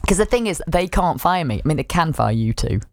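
A woman's voice: deep voice, big pitch swings, fairly quick. A woman hosting a show, chatting casually and teasing her co-hosts, laughing often. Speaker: radio show host. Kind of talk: casual chat.

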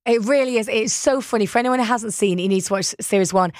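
A woman's voice: a little high, quick pace, darkish tone, no room sound. A woman presenting a radio show, interviewing a guest in a bubbly, effusive way and laughing often.

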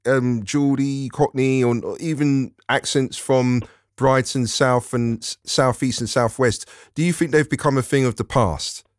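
A man's voice: medium pitch, steady tone, a little slow, no echo, clean studio sound. A man hosting a radio phone-in, chatting with and wrapping up a caller. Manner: friendly, wraps up calls. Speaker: radio host.

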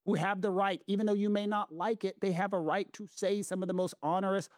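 A man with a Southern US accent explains the law to his co-host in an emphatic, lecturing way, repeating phrases for stress. His voice sits high for a man. The recording is dry, with no room sound. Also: fairly even intonation, fast, a little mellow, no echo. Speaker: legal commentator co-host. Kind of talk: casual explanatory chat.

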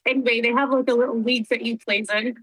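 A Scottish woman talking live on the radio as a guest, chatty and animated. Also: fairly high pitch, fast, slightly rough, no room sound, low-quality recording. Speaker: guest calling in live from abroad.

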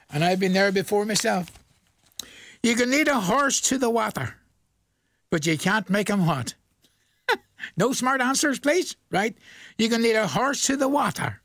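A man's voice: high-pitched, a bit bright, no room sound, clean studio sound. A man in his forties with a Northern Irish accent, presenting a local radio request show in a chatty, jokey way and chuckling often. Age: 40s.

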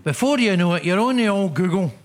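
A man's voice: high-pitched, lively intonation, quick pace. A Scottish man telling jokey stories as a panel show contestant, laughing through his lines.

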